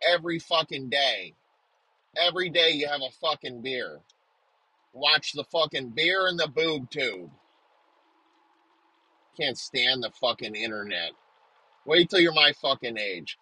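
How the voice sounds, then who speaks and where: A man's voice: a little high, sharp tone, husky, no echo, low-quality recording. A man delivering an aggressive comedic rant, swearing nonstop and hurling insults.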